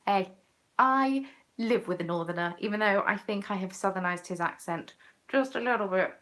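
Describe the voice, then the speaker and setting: A woman in her twenties from southern England, with a Southern English accent, chats casually while knitting as a craft vlogger. Her mid-range, slightly bright voice moves at normal speed as she answers viewers' comments in a self-mocking tone.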